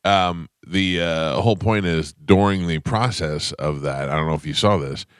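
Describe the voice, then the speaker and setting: A man's voice: low voice, normal speed, clean tone, no echo, studio quality. A male radio host telling a rambling story in casual morning-show banter, laughing as he goes.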